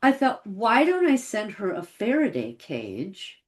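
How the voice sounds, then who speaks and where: A woman's voice: mid-range voice, wildly swooping pitch, unhurried. Casting note: middle-aged woman, conversational storyteller, voice that rises and falls a lot as she relives old conversations. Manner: conversational, reflective, quotes her own past thoughts. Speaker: channel host recounting personal story. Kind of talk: casual personal storytelling.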